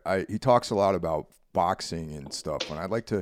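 A man's voice: sits low, fairly quick, a little hiss or hum. A man co-hosting a podcast in laid-back, rambling casual chat, often checking in with his co-host. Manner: laid-back, rambling, leans on "you know what I mean".

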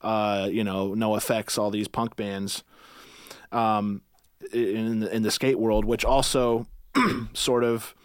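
A man's voice: fairly low pitch, level tone, takes it slowly, clean tone, no echo, clean studio sound. A man from Michigan, a guest musician chatting casually on a podcast, rambling with lots of fillers and restarts. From Michigan, USA.

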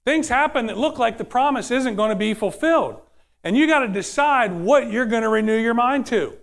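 In a sermon delivered conversationally, a male preacher keeps turning to the crowd with questions. He speaks in a fairly high, somewhat bright and expressive voice, alternating quick side remarks with slow, weighty statements.

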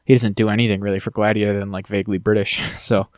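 A man's voice: fairly low pitch, flat delivery, fast talker, smooth, dry recording. A man co-hosting a podcast in casual chat, chatty and joking as he thinks aloud. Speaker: podcast co-host.

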